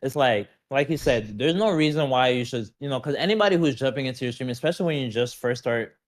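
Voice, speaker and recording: A man, a streamer guest on a casual podcast, talking in an animated, rambling way and often saying "you know what I mean". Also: medium pitch, fast talker.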